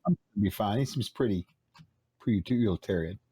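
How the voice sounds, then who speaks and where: A man's voice: lowish voice, fast, dark tone, slightly rough. A man playing a tabletop game, easygoing and asking about the rules. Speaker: player. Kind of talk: casual tabletop play.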